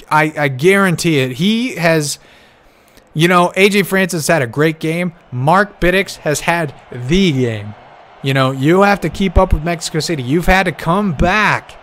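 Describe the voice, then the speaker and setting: A man calling a simulated football game play by play. He gets excitable, rises to shouts on big plays, and keeps talking straight to the listeners as folks. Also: high voice, normal speed, soft background music. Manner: talks directly to the audience, calling them folks. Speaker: play-by-play commentator.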